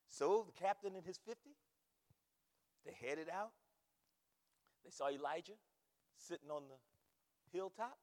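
A man preaching a sermon from the pulpit, repeating words emphatically and rising to shouts. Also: high-pitched, big pitch swings, a little slow, pauses often, long reverb tail. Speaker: pastor. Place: church sanctuary.

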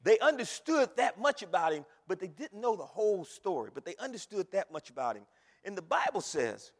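A man preaching a sermon, repeating phrases and rising to shouts. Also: high voice, very animated, brisk. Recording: long hall reverb.

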